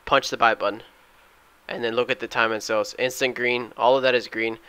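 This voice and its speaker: A young man recaps his day trades over screen recordings, talking casually but excitable, even shouting at the chart when a trade fails. His mid-range voice is clean in tone and a little fast.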